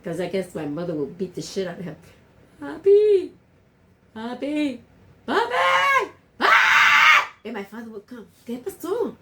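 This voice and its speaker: A woman's voice: medium pitch, sing-song, fast, few pauses, raised voice, very noisy. A woman telling a childhood story in casual chat, switching between English and Spanish. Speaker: podcast co-host.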